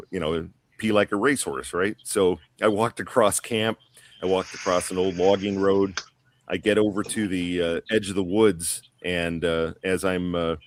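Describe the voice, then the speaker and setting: A man's voice: low-pitched, slight background noise. A man telling a long story on a podcast panel in a casual, rambling way, full of fillers and restarts. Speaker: guest.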